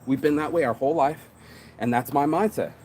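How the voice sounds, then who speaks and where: An entrepreneur and shirt designer gives a casual motivational monologue about business, hyping himself up in slangy street talk, swearing often and saying "bro" a lot. His voice is on the high side and brisk with a darkish tone, over slight background noise.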